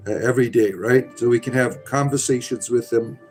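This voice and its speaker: A man's voice: mid-range voice, a little fast, faint music behind. A middle-aged man hosting a casual livestream, reading chat aloud in a rambling, sardonic, irreverent way.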